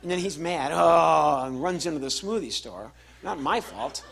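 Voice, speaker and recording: Man, stand-up comedian, fairly high voice, bright and forceful, animated storyteller. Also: normal speed. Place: live venue with laughing audience.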